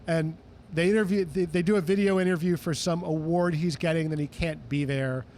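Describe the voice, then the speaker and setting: Animated high-voiced male storyteller. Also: brisk, slight background noise. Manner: animated, acts out quoted voices. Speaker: guest, music historian. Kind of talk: casual interview storytelling.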